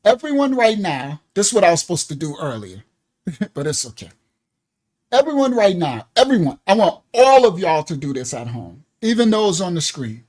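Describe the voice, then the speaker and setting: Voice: medium pitch, big pitch swings, normal speed, darkish tone. A teacher at a ministry giving an interactive class, spelling out terms letter by letter and calling on the class, addressed as y'all, to join in. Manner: coaxes the audience to join in.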